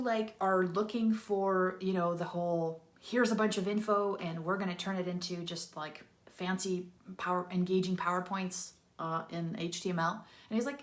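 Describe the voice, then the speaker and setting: A woman hosting her own channel, giving casual advice straight to camera in a chatty, animated way and acting out the voices of people she quotes. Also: on the low side, moderate pace, roomy sound. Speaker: channel host.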